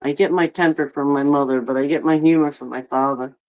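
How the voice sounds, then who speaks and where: A woman with a Maine accent co-hosting a casual podcast, chatty and quick to laugh. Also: deep voice, steady tone, darkish tone, highs cut off. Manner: chatty, laughs often, fillers like "you know". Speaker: podcast co-host.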